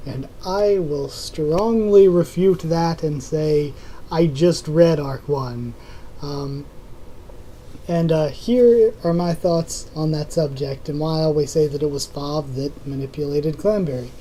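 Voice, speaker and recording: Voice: mid-range voice, slow, warm tone, poor audio. A young adult YouTube host chatting casually through viewer comments, rambling with many ums and self-corrections. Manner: rambling, full of ums and restarts.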